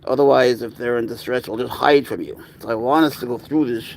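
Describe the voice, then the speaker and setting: A man chatting casually on a livestream, talking plans with viewers and cooing softly to cats in a baby voice. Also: medium pitch, a little fast, creaky, a little hiss or hum. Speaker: livestream host.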